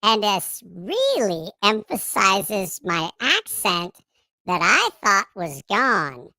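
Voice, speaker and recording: A man putting on a cute, squeaky high voice, talking in a polite and unsure way. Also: huge pitch swings, slow pace, pushed and bright, no room sound, exaggerated voice. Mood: chatty.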